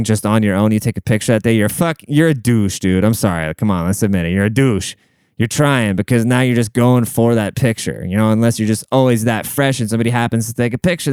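Smooth-voiced man ranting profanely. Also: medium pitch, a little mellow, no room sound. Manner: profane, slangy, rambling. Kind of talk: casual rambling monologue.

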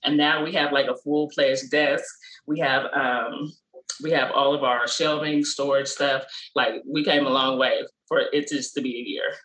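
A woman who owns a small business and is a mother, telling stories casually in an interview and acting out quotes in a much higher voice. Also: fairly even intonation, normal speed, a bit bright, echoey room, low-quality recording.

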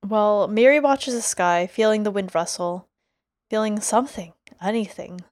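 A woman's voice: medium pitch, normal speed, no echo, studio quality. A woman co-hosting a podcast, summarizing episodes in chatty casual talk full of hedges and fillers. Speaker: podcast co-host. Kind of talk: casual recap chat.

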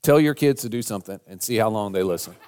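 A man preaching a sermon as pastor. He leads a prayer, then reads and retells scripture, rising to loud, emphatic lines when he quotes. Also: lowish voice, animated, fast.

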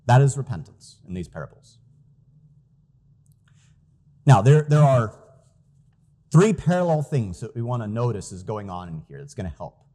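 A man's voice: mid-range voice, animated, normal speed, long pauses, mellow. A man preaching a sermon as pastor, earnest and emphatic, reading out scripture quotes.

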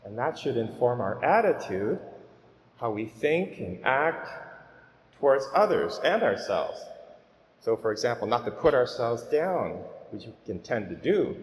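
A man preaching a homily at Mass as a priest, speaking in an earnest, gently exhorting way. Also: medium pitch, big pitch swings, unhurried, a little hiss or hum. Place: church. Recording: echoey church with long reverb.

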